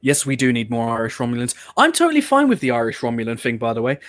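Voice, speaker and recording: A man's voice: mid-range voice, wildly swooping pitch, fast, fairly bright tone. A man hosting a watch-along show, chatting casually and rambling with blunt opinions and the odd swear word. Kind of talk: casual reaction commentary.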